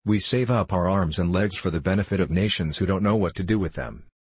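A man reading the part of a fiery, warmongering old gunnery veteran who bursts out in indignant bluster. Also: low voice, brisk, husky, no room sound. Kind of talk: audiobook character reading.

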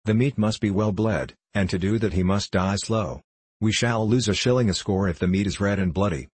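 A man's voice: fairly low pitch, moderate pace, slightly rough, no room sound. A man reading a blunt, scolding country wife. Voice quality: scolding, impatient. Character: blunt, hard-headed rural young wife.

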